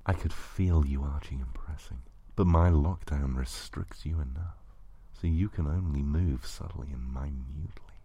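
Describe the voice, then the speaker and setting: Man, very deep voice, dark husky tone, slow hushed erotic narration, breathy whispers. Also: dry recording. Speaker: narrator of an erotic audio story.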